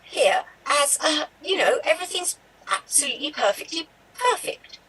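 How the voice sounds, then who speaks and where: A woman's voice: high voice, very animated, normal speed, fairly bright tone, distant mic. A woman voicing a prim, proper female nanny, speaking hesitantly.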